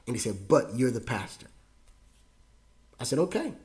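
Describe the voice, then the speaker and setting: A man in his forties, a pastor hosting his own show, telling a personal story with feeling and frequent repetitions, his voice jumping high when moved. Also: sing-song, normal speed, a little mellow. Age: 40s. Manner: emotional, repeats himself, voice rises high when moved.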